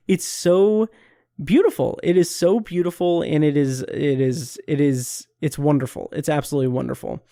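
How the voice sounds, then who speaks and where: A man's voice: fairly high pitch, moderate pace, dark tone, no echo, studio quality. A man hosting a podcast, reviewing a TV episode in an earnest, gushing way, full of fillers and restarts. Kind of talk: casual solo review.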